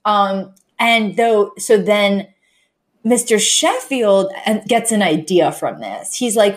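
A woman's voice: mid-range voice, a little slow. A woman co-hosting a podcast, chatting casually and animatedly about a TV episode, often acting out lines. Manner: animated, laughing, acts out quotes. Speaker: podcast co-host. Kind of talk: casual chat recapping a TV episode.

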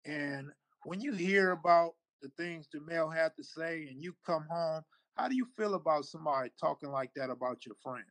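A man's voice: fairly high pitch, moderate pace, fairly bright tone, no echo, poor audio. A man interviewing a guest, asking probing, direct questions.

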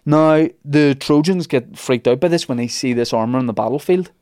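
A man's voice: medium pitch, normal speed, a little mellow, no echo, studio quality. A man, hosting a podcast and retelling a myth in a rambling, jokey way full of asides. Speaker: podcast host telling a myth. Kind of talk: casual comic storytelling.

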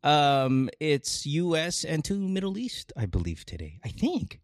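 Lively Filipino man hosting a chat. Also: on the high side, measured pace. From Philippines. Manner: lively, laughing, rambling. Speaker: podcast host. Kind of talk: casual chat.

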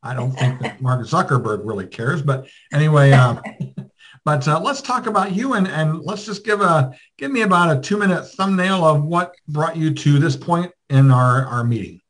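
A man's voice: fairly high pitch, animated, moderate pace, a bit bright, poor audio. A man hosting a casual video call show from a motel room, rambling with lots of fillers. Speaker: show host.

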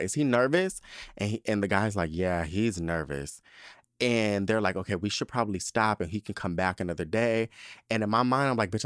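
A man hosting his podcast, telling a story in an animated, dramatic and profane casual manner. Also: fairly low pitch, no echo, clean studio sound. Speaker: podcast host.

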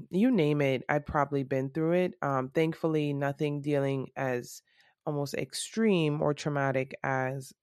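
A woman hosting her own podcast, talking candidly and reflectively about her setbacks, with a slightly rough early-morning voice. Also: low voice, steady tone, a little slow, darkish tone, dry recording, clean studio sound. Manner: candid and reflective, with many ums and restarts. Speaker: podcast host. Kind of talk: casual solo podcast monologue.

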